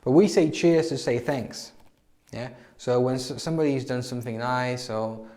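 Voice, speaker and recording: A man's voice: medium pitch, moderate pace, warm tone. A man teaching English to learners in a casual spoken lesson, talking with frequent restarts and repeated words.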